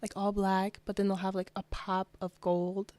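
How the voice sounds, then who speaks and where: A woman's voice: mid-range voice, level tone, moderate pace, a little mellow, dry recording. Chatty young woman, dry close podcast mic. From New Jersey. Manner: chatty, upbeat, frequent "like" and "you know". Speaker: fashion designer guest. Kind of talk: casual interview.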